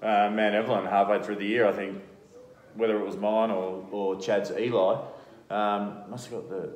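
A man in his thirties with an Australian accent, a cricket club player relaxed in a casual interview, often laughing through his stories. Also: on the low side, moderate pace, echoey room. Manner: laid-back storyteller, laughs often.

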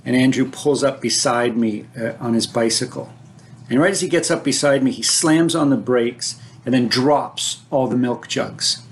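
Gravelly man telling a childhood story. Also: medium pitch, moderate pace, slight background noise. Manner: vivid, cinematic retelling with frequent restarts, building to excitement. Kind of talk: personal storytelling.

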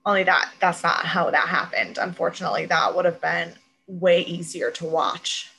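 A woman co-host chats casually about a TV episode, her voice bright and clear. She retells scenes with lively energy, dropping into quick impressions of the characters. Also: on the low side, a little hiss or hum, low-quality recording. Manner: animated retelling, quoting characters. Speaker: podcast co-host. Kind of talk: casual TV recap chat.

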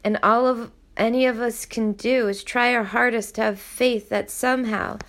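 Lady reading a tired blunt guy, calm and measured, bit high and creaky.

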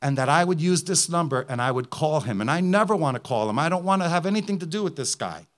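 A man's voice: on the high side, expressive, fast, voice pushed down, natural voice. Fretful young woman, as a pastor quotes her. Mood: anxious. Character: frightened young woman wanting no contact.

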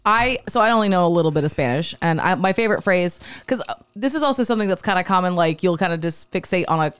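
Woman on a podcast, kinda low voice, crude jokey bits, dry mic. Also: lively intonation, quick pace, clean tone, no room sound. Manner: brash, crude joking. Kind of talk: casual comedic chat.

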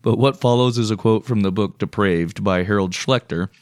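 A man co-hosting a casual comedic history podcast, telling the story with wry deadpan asides and casual swearing. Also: on the low side, moderate pace. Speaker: podcast co-host.

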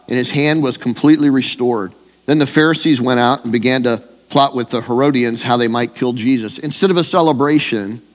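A man's voice: a little high, long reverb tail. A man preaching a sermon in a conversational way, with fillers and restarts. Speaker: pastor.

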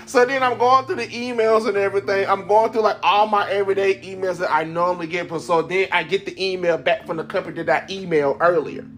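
A man hosting his own podcast, telling a casual story in an animated way, laughing often and acting out the voices of people he quotes. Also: high-pitched, fast talker, hardly any pauses. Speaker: podcast host.

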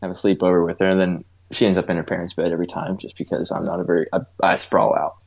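A man's voice: sits low, little pitch movement, quick pace, creaky, a little mellow. A man in his twenties telling stories in a casual, profane chat, laughing along as he goes. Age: 20s.

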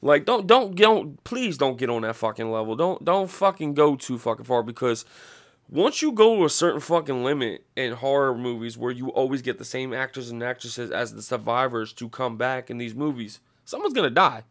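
A man in his thirties hosting a podcast, ranting casually and profanely, rambling with restarts and animated outbursts. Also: medium pitch, a little fast. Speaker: podcast host.

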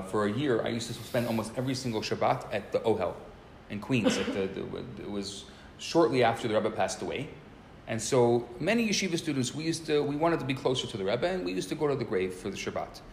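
A man tells a story while teaching a small group, relaxed and casual, speaking a little fast and often repeating the first words of his sentences. His pitch swings widely and he sounds animated. The room gives a clear echo, with a faint hum of background noise.

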